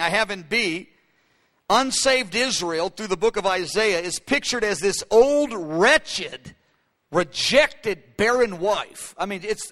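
High, bright-voiced preacher man. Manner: anecdotal, many fillers and restarts. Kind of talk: sermon. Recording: long hall reverb.

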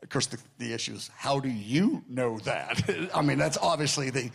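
A man's voice: mid-range voice, moderate pace, gravelly, husky. A middle-aged man preaching a sermon through stories, acting out the people in them, with rambling asides and corrections. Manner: animated, acts out the people in his stories. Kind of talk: storytelling sermon.

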